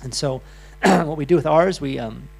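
A man's voice: on the high side, normal speed, gravelly, slightly rough. A middle-aged man giving a loose, chatty health talk to a live audience, full of restarts and asides. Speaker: health speaker.

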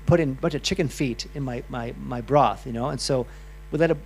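A man's voice: mid-range voice, fairly quick, slight background noise. A middle-aged man giving a loose, chatty health talk to a live audience, full of restarts and asides. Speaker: health speaker.

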